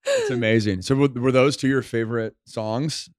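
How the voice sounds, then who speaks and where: A man's voice: mid-range voice, huge pitch swings, normal speed, no echo, clean studio sound. A man co-hosting a casual podcast, teasing his partner and prompting her with short questions. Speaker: podcast co-host.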